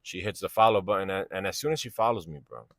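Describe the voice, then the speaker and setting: A man's voice: deep voice, quick pace, fairly bright tone, dry recording. A man, telling a personal story in a casual, slangy, rambling way and often asking "you know what I'm saying".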